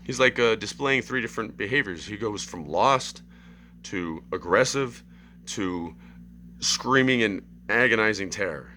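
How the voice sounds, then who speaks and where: Bright-voiced man telling a story. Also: on the low side, a little slow, slight background noise. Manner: animated, acts out screams and quotes; rambling, keeps asking "right?". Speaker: vlogger. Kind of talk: casual storytelling monologue.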